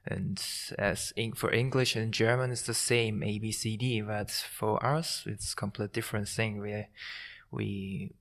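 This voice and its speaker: Male guest, Korean native speaker, lowish flat delivery, nervous, halting answers. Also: vocal fry. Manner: hesitant, halting second-language speech. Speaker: course participant, guest. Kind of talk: casual interview.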